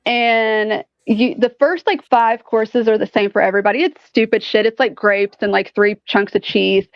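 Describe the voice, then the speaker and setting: A woman guest telling a story in casual chat, animated and profane, filling her talk with "like". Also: medium pitch, normal speed, dry recording, lo-fi sound. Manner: animated, profane, heavy use of "like".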